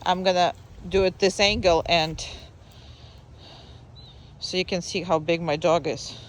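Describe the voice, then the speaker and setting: A dog trainer giving a live training lesson outdoors, mixing short commands with calm explanations and sing-song praise. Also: mid-range voice. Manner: brisk short commands mixed with coaching explanations.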